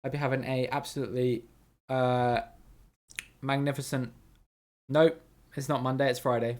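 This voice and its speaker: A man's voice: mid-range voice, normal speed, pauses often. A man hosting a casual live stream of a geography guessing game. He chats with viewers, reads their names out, laughs easily and swears now and then.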